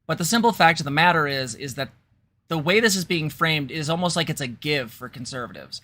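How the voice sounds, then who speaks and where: A woman's voice: deep voice, bright, forceful tone. A woman co-host talking casually in a chatty, conversational way. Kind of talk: casual commentary.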